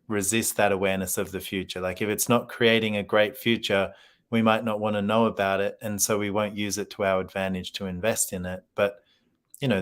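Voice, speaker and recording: A man co-hosting a casual conversation, telling stories in a relaxed way with plenty of fillers. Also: low voice. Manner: relaxed storytelling with many fillers.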